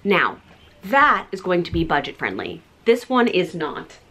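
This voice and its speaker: A woman in her thirties chatting breezily to camera as a beauty vlogger, full of "like" fillers and soft asides. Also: fairly low pitch, huge pitch swings, measured pace, slightly rough. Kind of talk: casual chat showing products.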